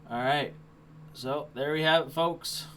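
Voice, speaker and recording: A man's voice: on the high side, steady tone, unhurried, a bit bright, a little hiss or hum. Man calling trades live, casual and blunt. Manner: casual, swears, thinks aloud over charts. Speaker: trading live streamer. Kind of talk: live stream trading commentary.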